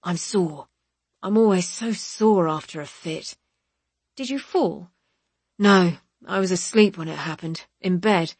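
Drowsy, apologetic young man, soft-spoken, read by a woman, husky tone. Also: lowish voice, a little slow, dry recording. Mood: weary. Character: tired, gentle young man recovering from a fit.

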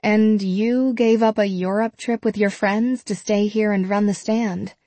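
A woman's voice: medium pitch, steady tone, unhurried, mellow, no echo, natural voice. A woman reading the lines of an observant teenage girl who asks probing questions. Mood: curious.

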